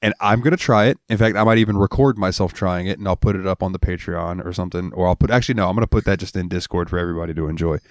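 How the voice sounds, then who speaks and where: A man's voice: low voice, very fast, hardly any pauses, no echo, clean studio sound. A man co-hosting a podcast, telling stories in casual profane chat and acting out the people in them. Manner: profane, animated storyteller acting out voices. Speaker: podcast co-host.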